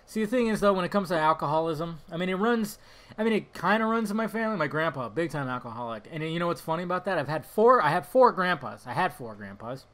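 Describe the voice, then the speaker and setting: Hosting his podcast, a young adult man talks fast and animatedly in a slightly high, fairly bright voice. His chat rambles casually across topics, with frequent tangents and swear words.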